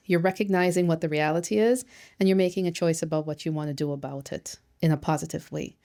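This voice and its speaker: A woman with a slightly low voice gives an educational talk as a therapist and social worker. She is lively and emphatic, often posing rhetorical questions and acting out little quotes. Her delivery is direct and encouraging. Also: a little fast. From Canada.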